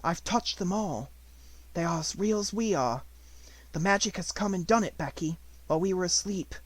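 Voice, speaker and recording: A man voicing a poor little girl in a storybook, hushed and breathless, rising to excited cries. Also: high voice, normal speed, dry recording, pitched above the performer's own voice. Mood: eager whispers.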